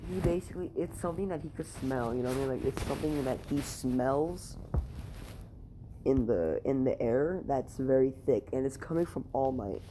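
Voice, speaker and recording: A man's voice: mid-range voice, expressive, moderate pace, noisy background. A man casually making up a fan-fiction story aloud, rambling, with lots of "you know" and "like", swearing freely.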